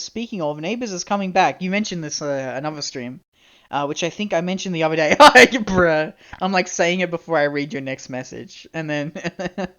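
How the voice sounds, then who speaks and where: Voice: medium pitch, a bit bright, clear, resonant tone. Aussie streamer just chatting and rambling, laughs a lot, swears, kinda muffled lo-fi mic. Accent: Australian. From Australia. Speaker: live streamer. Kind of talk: casual live-stream chat.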